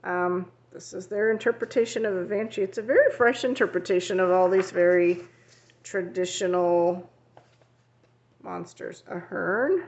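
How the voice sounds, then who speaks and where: A woman's voice: on the low side, fairly even intonation, normal speed, darkish tone, muffled recording. A woman who teaches art, chatting casually and rambling a bit as she shows her finished coloring pages in a vlog. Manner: chatty and rambling, with frequent fillers and self-corrections. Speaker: coloring channel host. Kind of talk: casual show-and-tell vlog.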